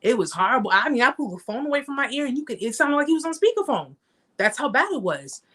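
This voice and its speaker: A woman's voice: sing-song, quick pace, fairly bright tone. Emphatic woman hosting a live chat. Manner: conversational, emphatic, repeats herself; reenacts stories with raised pitch. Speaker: host.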